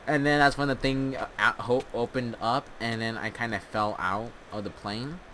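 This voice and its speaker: A man's voice: mid-range voice, moderate pace, a bit bright, a little hiss or hum. A young man telling a long, rambling story with many restarts while playing a game, on a headset mic. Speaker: storyteller and gamer.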